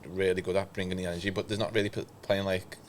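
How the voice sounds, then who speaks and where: A deep-voiced guest musician answers in a soft, halting way. He sits a little off the mic, with faint noise behind him. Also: flat delivery. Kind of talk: casual chat.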